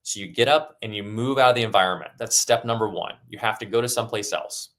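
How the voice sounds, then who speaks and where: A man's voice: on the low side, quick pace, fairly bright tone. A man presenting a motivational webinar as a coach, talking conversationally and acting out his own thoughts as examples. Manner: conversational, acts out his own inner dialogue.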